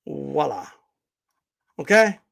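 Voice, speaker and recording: A man's voice: a little high, big pitch swings, extremely slow, gravelly. A man hosting a boxing channel livestream, ranting in a blunt, profane, confrontational way. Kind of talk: livestream rant.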